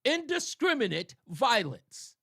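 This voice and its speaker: A man's voice: extremely high pitch, sing-song, slow pace, sharp tone, husky, no room sound. A male talk radio host giving sarcastic, mocking political commentary on a studio mic.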